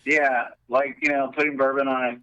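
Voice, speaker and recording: A man's voice: mid-range voice, level tone, fairly quick, muffled recording, crowd noise. A man appearing as a guest on a talk show, chatting easily and laughing along with the host. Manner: easygoing, laughs along, short replies. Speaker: guest actor. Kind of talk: casual chat.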